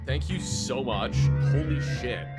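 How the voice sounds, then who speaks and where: A man's voice: medium pitch, expressive, takes it slowly, loud music behind the voice. A man streaming live, rambling casually about a game he just finished, with lots of fillers and the odd curse.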